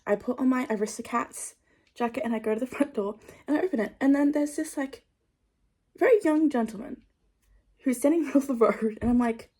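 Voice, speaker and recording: A young woman talks straight to her camera in a loose, rambling vlog chat. She tells everyday stories with lively, animated energy and peppers nearly every phrase with "like.". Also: fairly high pitch, fairly quick, breathy edge. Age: young adult. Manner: rambling, full of "like" fillers, animated storytelling. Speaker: vlogger.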